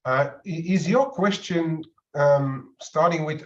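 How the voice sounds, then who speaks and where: Wry higher-voiced man on a dull line. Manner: blunt and wry, with a few halting restarts. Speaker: market analyst on a trading webinar. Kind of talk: casual chat.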